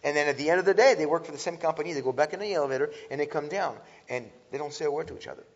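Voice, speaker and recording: A man with a slightly high voice gives an earnest, animated talk on antisemitism to an audience, frequently restarting sentences and filling pauses with filler sounds. The recording is dull and lo-fi, with long hall reverb.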